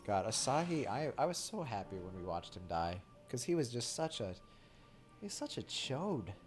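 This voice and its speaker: A man's voice: mid-range voice, sing-song, moderate pace. A young man streaming a video game, chatting casually in a rambling, joking way full of "like" and crude humor. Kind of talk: casual live-stream chat while reading game dialogue. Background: game music.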